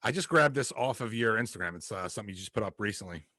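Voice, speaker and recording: A man's voice: fairly low pitch, lively intonation, fast, sharp tone, dry recording, clean studio sound. A man hosting a podcast, chatting in a laid-back, agreeable way and swearing casually. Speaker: podcast host. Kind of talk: casual interview chat.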